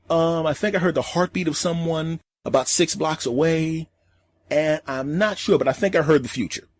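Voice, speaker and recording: A husky-voiced middle-aged comedian spins a story with lively swings in pitch. He is emphatic and animated, voicing every scene himself. The sound is dry and close. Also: no echo. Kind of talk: comic storytelling.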